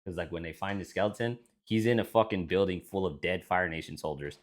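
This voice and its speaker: A man's voice: low-pitched, fairly quick. A man co-hosting a casual podcast chat, rambling and swearing, with frequent restarts. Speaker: podcast co-host.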